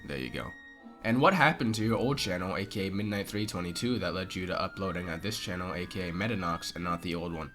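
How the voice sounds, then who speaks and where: A young man casually answering viewer questions as a channel host, rambling and relaxed with filler words. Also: deep voice, fast talker. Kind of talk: casual Q&A chat. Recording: music playing underneath.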